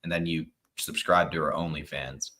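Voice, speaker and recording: A man co-hosting a comedy podcast, throwing in dry, deadpan asides. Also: extremely low pitch, moderate pace. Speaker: podcast co-host. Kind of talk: comedic banter.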